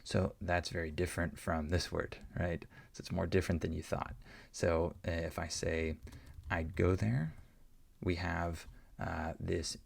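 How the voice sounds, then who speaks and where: A deep-voiced man explains English pronunciation to learners, patiently repeating example words so each sound can be heard. His voice is heavily gravelly with a husky edge. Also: monotone, moderate pace. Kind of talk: explaining answers to learner questions.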